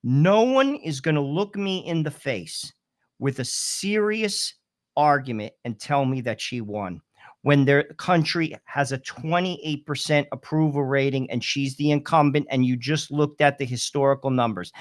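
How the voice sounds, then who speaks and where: A man co-hosting a political talk show, arguing forcefully with rhetorical questions. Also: a little high, animated, unhurried. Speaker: co-host.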